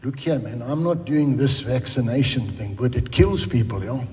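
A man voicing a slow-talking, stubborn rural farmer from the Eastern Cape, with a folksy drawl. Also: mid-range voice, lively intonation, big-room sound, voice pushed down, lightly acted. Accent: Eastern Cape South African.

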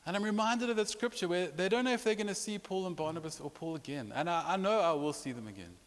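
Talking fast in a high-pitched voice with lively intonation, a male pastor delivers a sermon built around a personal story. He repeats himself as his emotion rises, and the recording carries the long reverb of a large hall.

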